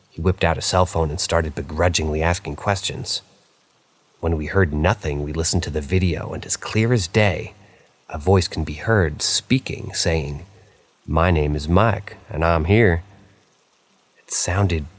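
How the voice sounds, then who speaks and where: A man with a very deep voice reading horror stories aloud. His delivery is casual and conversational, and he sometimes breaks in with offhand asides. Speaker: narrator.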